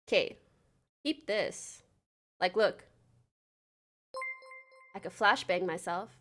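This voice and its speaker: On a livestream, a chatty young woman in her twenties keeps things casual and upbeat, rapidly reading out names to thank her viewers. She speaks at a mid-range pitch over slight background noise.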